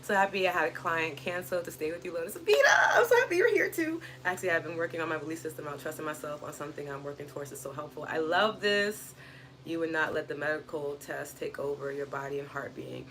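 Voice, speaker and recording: A young woman with a somewhat low voice talks casually and earnestly to her live-stream viewers. She leans on "like" and slips into quoted inner voices as she reflects. A faint hum of background noise sits under her voice. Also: steady tone, quick pace, a bit bright. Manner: earnest, reflective, lots of "like" and "just". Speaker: wellness live-stream host.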